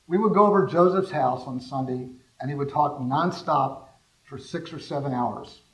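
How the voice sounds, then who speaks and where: An older man from California giving a talk, telling rambling, animated anecdotes and asking the audience questions. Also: mid-range voice, normal speed, low-quality recording. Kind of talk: storytelling talk to a small audience.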